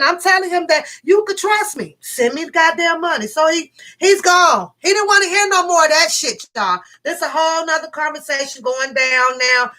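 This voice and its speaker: A middle-aged woman vlogger telling a story to her viewers in a casual, profane, animated way, laughing as she goes. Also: high-pitched, poor audio.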